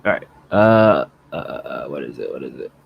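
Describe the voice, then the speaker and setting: A man's voice: a bass voice, normal speed, vocal fry, husky, dull audio. A man co-hosting a podcast, retelling a co-op game session with acted-out quotes and plenty of swearing. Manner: animated storytelling, acting out quotes, profane. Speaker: podcast co-host. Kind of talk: casual chat.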